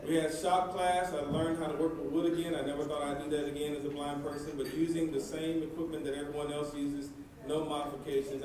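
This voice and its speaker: A man's voice: fairly high pitch, background noise. A man giving a folksy, emphatic storytelling speech at a banquet. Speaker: banquet speaker. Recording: echoey banquet hall from far off.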